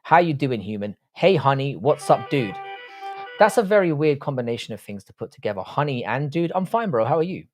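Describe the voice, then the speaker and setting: A man's voice: medium pitch, very animated, brisk, no room sound, soft background music. A man, hosting a casual livestream, reading out viewer comments and bantering with plenty of swearing and slang. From United Kingdom. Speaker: livestream host.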